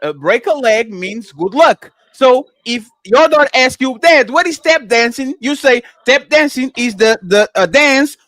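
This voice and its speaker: A man's voice: very high-pitched, lively intonation, unhurried, few pauses, fairly bright tone, dry recording. A man with a New York accent on a live-stream panel, pressing the others with teasing, probing questions.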